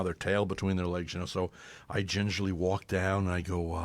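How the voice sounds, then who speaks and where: A man's voice: low-pitched, brisk, dry recording. A man who hosts a local talk radio show, telling a rambling anecdote in casual conversation and acting out other people's lines along the way. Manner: animated, rambling, acts out other people's voices.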